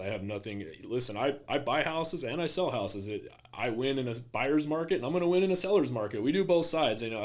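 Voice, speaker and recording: A man who works as a real estate agent, chatting casually on a podcast and acting out quoted clients with lively energy. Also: on the low side.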